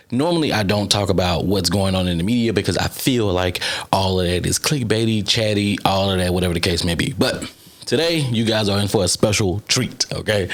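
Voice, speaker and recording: A man hosting a podcast in a casual monologue, animated and chatty, constantly repeating "listen" and "okay" between his points. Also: low-pitched. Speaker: podcast host.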